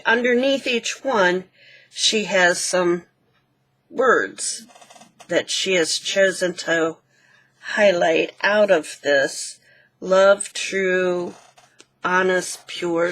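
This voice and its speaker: A woman hosting a craft channel, gently walking through a handmade book page by page and pointing out details. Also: fairly low pitch. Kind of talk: casual show-and-tell walkthrough.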